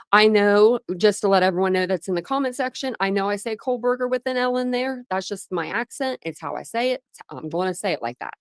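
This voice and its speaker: A woman hosts a casual livestream from home, talking loosely and laughing between greetings to her viewers. Her voice sits in a mid range for a woman. The sound is dry and close, with no room echo. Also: mid-range voice. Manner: chatty, laughs often, greets chat by name. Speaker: livestream host.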